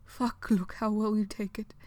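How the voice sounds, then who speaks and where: A woman's voice: mid-range voice, flat delivery, normal speed, darkish tone, no echo, close to an everyday voice. A woman voicing a hesitant, awed young man in a storybook reading, shy and plain-spoken.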